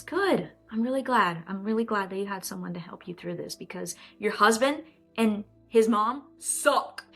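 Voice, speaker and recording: A woman's voice: mid-range voice, a bit bright. Woman reading stories with indignant asides. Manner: indignant, joking asides to viewers. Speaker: storytime host. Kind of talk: casual storytime, reading posts aloud and reacting.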